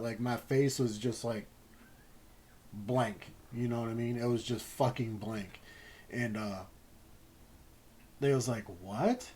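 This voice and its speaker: A man telling a personal story in a casual, rambling way, halting often and swearing freely. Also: mid-range voice, steady tone, darkish tone, poor audio. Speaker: gaming channel host.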